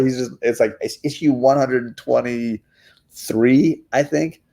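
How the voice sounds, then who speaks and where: A man hosts a relaxed comic book chat with his children, speaking at an everyday middle pitch. He sounds eager and talkative, often stumbling and repeating words as he gets excited. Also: slow. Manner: enthusiastic, chatty, often restarts words. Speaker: comic book show host. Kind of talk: casual chat reviewing comics with his kids.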